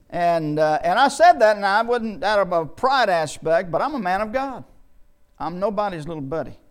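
A man preaching a sermon in a folksy way, often repeating and restarting words and slowing down to read scripture. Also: sits high.

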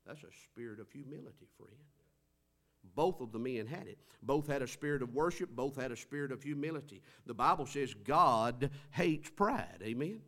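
A man preaching a sermon, swinging between loud stressed phrases and quiet drawn-out words. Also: mid-range voice, expressive.

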